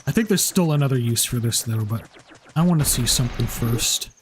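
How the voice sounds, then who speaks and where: A man's voice: mid-range voice, animated, brisk, noisy background. A man giving casual let's play commentary, rambling with many restarts and fillers. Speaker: gameplay commentator. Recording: game music playing behind.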